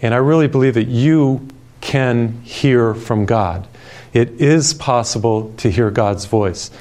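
A male television preacher with a calm, peaceful delivery. He speaks gently and unhurriedly, weaving personal stories into his sermon at a middle pitch. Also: takes it slowly. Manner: storytelling with personal anecdotes.

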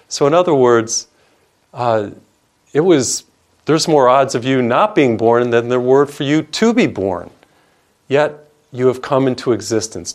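Preaching on television, a priest with a mid-range male voice speaks with earnest emphasis, stringing together lists of words and going soft for the tender moments.

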